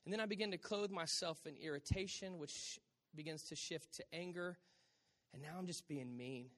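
A man preaching a sermon on a church stage into a handheld mic, animated and talking to the audience. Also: on the high side, moderate pace. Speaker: pastor.

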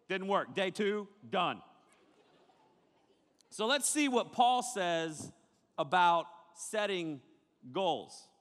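A man preaching to a young crowd as a youth pastor, joking and animated, talking straight to his listeners. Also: sits high, extremely slow, long pauses, in a large hall. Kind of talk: sermon.

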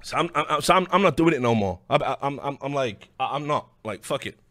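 Brash British commentator; heated, combative rant with stammered restarts, dry and close. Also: male voice, medium pitch, animated, brisk, fairly bright tone, no room sound. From Britain. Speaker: online commentator. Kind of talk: angry video rant.

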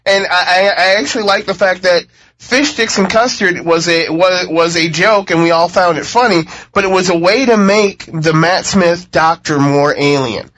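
A man with a high, bright, forceful voice hosts a relaxed podcast panel. He runs the rounds of votes and muses aloud about his picks. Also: moderate pace, a little hiss or hum. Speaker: podcast host. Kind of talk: casual panel chat.

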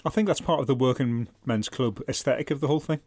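A man's voice: mid-range voice, quick pace, a little mellow. A man co-hosting a casual comedy chat, making dry, sardonic and sweary remarks. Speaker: podcast co-host.

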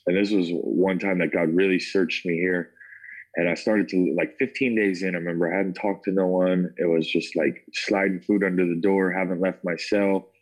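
A man's voice: deep voice, steady tone, normal speed, rough recording. An American man telling his life story in a casual interview, full of "like" and "man" fillers. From United States. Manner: casual, filler-heavy, says "like" and "man" often. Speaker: interview guest. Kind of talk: personal testimony storytelling.

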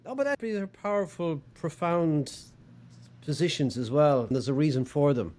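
Mellow-voiced male interviewer. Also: fairly high pitch, expressive, moderate pace. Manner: affirming, with short agreeing backchannels. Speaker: podcast host. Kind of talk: interview conversation.

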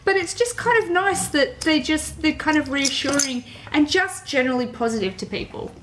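An enthusiastic woman co-host with a higher voice talks at length in casual podcast chat. A light hiss runs under her voice. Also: expressive, normal speed. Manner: enthusiastic, talkative.

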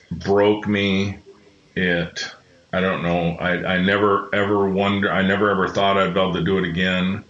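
Low, bright-toned man in a roomy space. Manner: earnest, rambling with frequent restarts. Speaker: podcast guest. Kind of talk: reflective personal storytelling. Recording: roomy, slightly muffled sound.

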